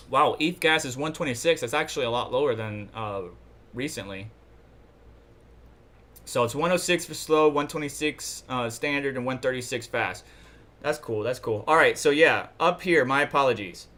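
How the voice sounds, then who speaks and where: Bright-voiced rambling livestream host. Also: male voice, a little high. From New York. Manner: rambling, thinks aloud while browsing charts. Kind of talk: casual livestream chat.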